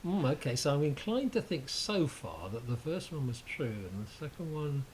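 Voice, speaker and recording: A man's voice: a little high, very animated, moderate pace, a little mellow, low-quality recording. Hesitant man telling a prank story. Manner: hesitant, full of ums, dry teasing. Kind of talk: casual storytelling chat. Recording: faint hiss.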